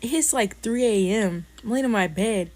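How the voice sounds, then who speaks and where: A woman's voice: mid-range voice, moderate pace, a little mellow. A woman telling a casual storytime to viewers, loose and rambling, full of fillers.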